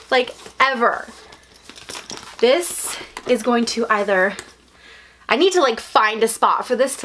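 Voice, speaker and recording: Bubbly high-voiced woman gushing over an unboxing. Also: takes it slowly, long pauses, a little hiss or hum. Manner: gushing, gasping, breathless excitement. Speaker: unboxing vlogger. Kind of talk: excited unboxing chat.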